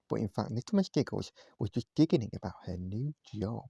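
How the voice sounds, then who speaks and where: A man reading a children's storybook aloud at home, gentle and speaking straight to his listeners. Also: on the low side, expressive, moderate pace, creaky, slightly rough, no room sound, highs cut off. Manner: gentle, addresses listeners directly. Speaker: vlogger reading a bedtime story. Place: at home, indoors, cat on his knee.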